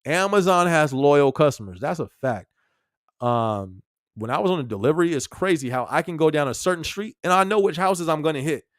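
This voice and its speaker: A man's voice: a little high, lively intonation, a little fast, no echo, clean studio sound. A man hosting a casual live-stream podcast, talking in a loose, slangy way and chuckling often while he answers viewers' comments. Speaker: podcast host.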